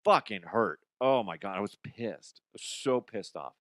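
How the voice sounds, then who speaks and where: This middle-aged man hosts a comedy podcast, his lowish voice lively, fairly bright, and delivered at a normal pace. He spins crude, profane, rambling stories and acts out the people in them, recorded in clean studio sound with no echo.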